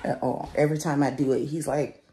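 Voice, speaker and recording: A young woman talking casually in a home vlog, joking playfully and speaking gently to her child. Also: very deep voice, steady tone, brisk, gravelly. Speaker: vlogger and parent.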